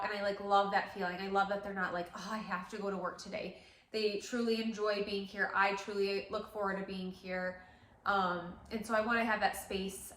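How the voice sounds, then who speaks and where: A woman in her thirties who runs a salon chats to camera from inside it, her mid-range voice fairly bright. She becomes teary and emotional, peppering her talk with fillers. The audio has a roomy echo plus a slight hiss or hum.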